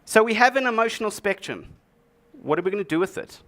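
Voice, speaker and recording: A man giving a tech talk from a conference stage, his voice sitting a little higher than most men's. He jokes in a dry, sarcastic way between his explanations. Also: animated, fast talker, fairly bright tone. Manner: dry, joking delivery with sarcastic asides. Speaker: conference speaker. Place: conference stage before an audience.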